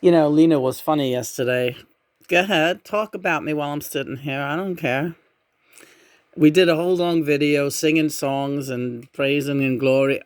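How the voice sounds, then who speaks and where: A woman giving a casual tarot reading in a musing, meandering way, often humming softly between thoughts. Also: sits low, dry recording, studio quality. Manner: meandering, musing, with frequent murmured hums. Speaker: tarot reader.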